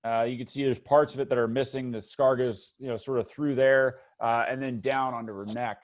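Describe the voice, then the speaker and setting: A man narrating as game master of a tabletop game, halting with many fillers and restarts. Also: mid-range voice, steady tone, highs cut off.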